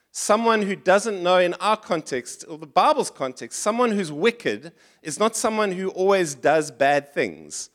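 A man's voice: high-pitched, a bit bright. A middle-aged man, preaching a sermon in church in a conversational style, often restarting and going off on asides. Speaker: pastor.

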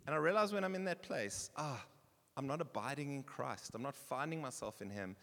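Animated preacher in an echoing church hall. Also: male voice, mid-range voice, fairly quick. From South Africa. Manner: animated preaching with bursts of shouting. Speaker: pastor. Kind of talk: sermon.

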